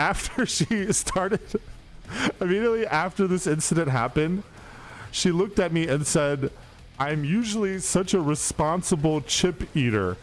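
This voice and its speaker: A young man hosting a stream, telling a long story in a rambling, profane way with lots of restarts. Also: on the high side. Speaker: streamer host. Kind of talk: casual storytelling to stream chat. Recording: faint music behind.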